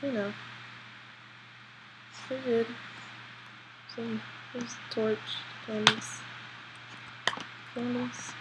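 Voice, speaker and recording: Woman gamer, let's play commentary, jittery, excitable, higher voice, hissy lo-fi laptop mic. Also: takes it slowly, long pauses. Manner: jittery, excitable, swearing at her character. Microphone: built-in laptop mic.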